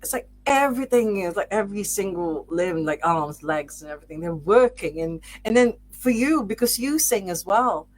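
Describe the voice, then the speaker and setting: A woman's voice: medium pitch, expressive, normal speed, hardly any pauses. A woman hosting a podcast who asks her guest questions in a rambling way, often searching for words. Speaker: podcast host. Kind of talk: casual interview chat.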